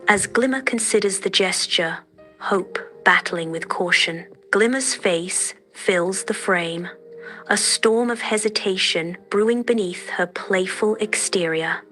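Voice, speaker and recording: Female fairy-tale narrator, unhurried and bright-toned, soft delivery. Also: medium pitch. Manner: gentle, measured, dreamy.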